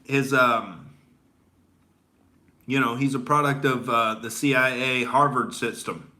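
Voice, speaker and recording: Bright-voiced man in a crude comedic rant. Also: medium pitch, slow pace, pauses often. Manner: rambling, profane, heavy on filler words. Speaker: comedian host.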